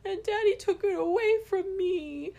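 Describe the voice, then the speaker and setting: A woman voicing her upset little son, speaking in a high, small, crying child's voice. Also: a little slow, creaky, dark tone, highs cut off, heavily acted. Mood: tearful. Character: upset little boy, heartbroken and tearful.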